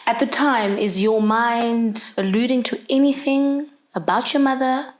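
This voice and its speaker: A woman hosting an interview, asking gentle, measured questions. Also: fairly high pitch. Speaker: talk show host. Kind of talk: interview host.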